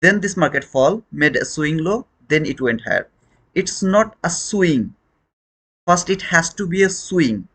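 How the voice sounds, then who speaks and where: A man's voice: fairly high pitch, animated, moderate pace, few pauses, fairly bright tone, slightly rough. Man teaching a live chart lesson. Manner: repeats points, questions chat viewers directly. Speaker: trading teacher.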